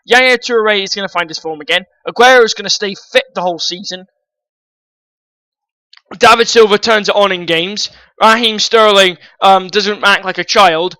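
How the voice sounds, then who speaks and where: A man with a high, bright, sharp-edged voice rants about football transfers, blunt and quick to swear. He talks straight at his viewers, calling them guys. The sound is close and dry, with no room around it. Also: dry recording, poor audio. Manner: blunt, ranting, swears freely. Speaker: football vlogger. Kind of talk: opinionated transfer-news rant.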